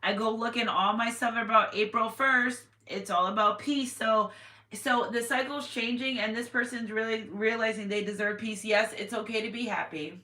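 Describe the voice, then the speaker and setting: A woman's voice: a little high, steady tone, moderate pace, sharp tone. A woman giving a casual tarot reading to her viewers, chatty and repetitive with sudden exclamations. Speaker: tarot reader. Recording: echoey room with faint noise.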